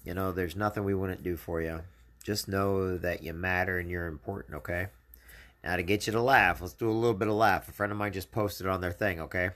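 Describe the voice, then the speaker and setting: A man's voice: low voice, steady tone, fairly quick, fairly bright tone. A man hosting a casual live video message, talking earnestly to encourage and console his viewers. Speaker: channel host.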